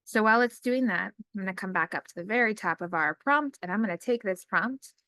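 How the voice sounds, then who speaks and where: A woman who works in special education, giving a casual screen-recorded demo lesson and reading her typed prompts aloud slowly. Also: mid-range voice, bright, forceful tone, dry recording. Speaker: special education teacher trainer.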